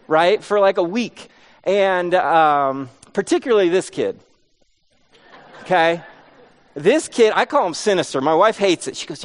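A man preaching a sermon, mixing earnest points with funny, self-deprecating stories about his kids. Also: high-pitched. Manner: storytelling with self-deprecating humor. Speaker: pastor.

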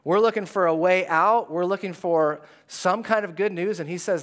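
A male pastor giving a conversational, animated sermon in a church, at times dropping to a hush. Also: sits high, moderate pace, hardly any pauses. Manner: conversational and animated, dropping to hushed tones for quoted words. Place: church sanctuary.

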